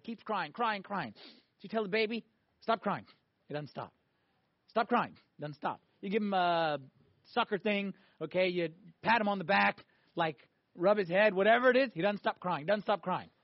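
High-voiced animated male preacher. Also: normal speed, no room sound, dull audio. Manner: animated preaching, swinging between loud emphatic peaks and quiet asides. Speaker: priest. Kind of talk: sermon.

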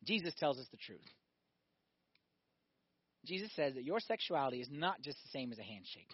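A male priest giving a sermon, animated, firing off rhetorical questions and acting out little scenes. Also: mid-range voice, normal speed, no room sound, highs cut off.

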